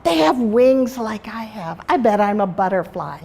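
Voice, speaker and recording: A woman's voice: mid-range voice, lively intonation, normal speed, vocal fry, warm tone, breathy edge. An older woman voicing a small, lost young winged horse girl in a storybook, plaintive and questioning.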